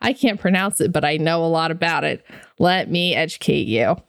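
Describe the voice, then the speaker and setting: This podcast co-host has a low, expressive voice with vocal fry, moving at a moderate pace. The studio sound is clean with no room echo as she chats loosely, filling gaps with fillers, laughing a lot, and reading lore passages aloud.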